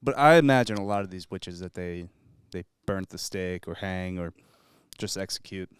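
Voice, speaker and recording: A young co-host with a smooth, slightly low voice delivers blunt jokes in a flat, deadpan way. His voice sits close to the mic with no room echo. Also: normal speed. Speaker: podcast co-host. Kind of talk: casual comedic chat.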